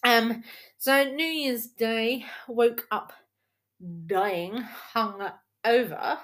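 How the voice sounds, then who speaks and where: A woman's voice: on the high side, animated, takes it slowly, a bit bright. A woman hosting a casual solo film podcast at home, chatty and rambling and laughing often, recorded on a laptop's built-in mic. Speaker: podcast host.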